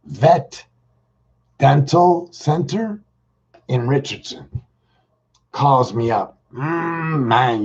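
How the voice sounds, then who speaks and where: A man's voice: mid-range voice, darkish tone, husky. A middle-aged man telling a rambling, jokey everyday story in casual slang. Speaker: vlogger. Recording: dull lo-fi recording.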